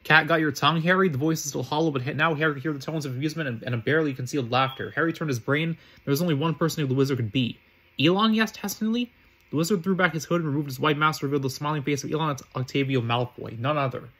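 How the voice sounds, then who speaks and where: A man reads a fan story aloud in a husky, breathy voice. He reads fast and pitched a bit high. He stumbles often and restarts words. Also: fairly bright tone. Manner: halting, frequent restarts and slips. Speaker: reader.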